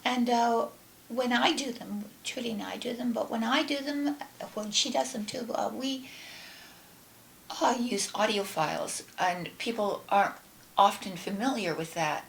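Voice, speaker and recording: A woman co-hosting a tarot reading show, chatting casually and then leading a slow, meditative gratitude prayer. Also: a little high, creaky. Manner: slow, meditative, trails off and restarts. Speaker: tarot reader co-host. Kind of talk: casual chat and guided prayer.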